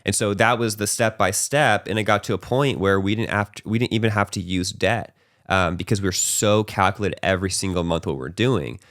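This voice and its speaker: Deep gravelly man telling his story. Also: fairly quick, no room sound, studio quality. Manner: loose and conversational, peppered with "like", "right?" and "bro"; animated, acting out his own past panic. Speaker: podcast host. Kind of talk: casual storytelling in conversation.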